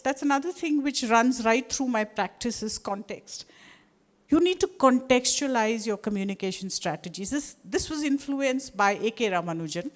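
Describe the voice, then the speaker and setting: Brief: middle-aged Indian woman, Indian English accent, slightly higher voice, rambling lecture style. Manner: discursive, with many restarts and asides. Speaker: guest speaker. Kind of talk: lecture to a live audience.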